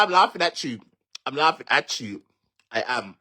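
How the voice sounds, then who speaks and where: A man's voice: mid-range voice, very animated, normal speed, pauses often, pushed and bright. A man with a Jamaican accent delivers a mocking, cursing online rant, taunting and repeating himself as he goes. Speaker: social media commentator. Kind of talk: ranting live-stream monologue.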